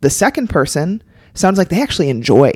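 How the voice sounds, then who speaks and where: A woman's voice: lowish voice, very animated, fairly quick, darkish tone, husky, no room sound, studio quality. A woman co-hosting a podcast, talking emphatically and casually, with lots of filler "like"s. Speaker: podcast co-host. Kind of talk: casual coaching chat.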